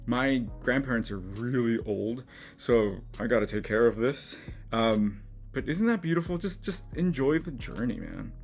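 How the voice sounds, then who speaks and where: A man's voice: medium pitch, moderate pace, soft background music. A middle-aged man hosting a casual art vlog, chatty and encouraging, easily moved as he talks through his work. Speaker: collage artist and channel host. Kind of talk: casual studio vlog to camera.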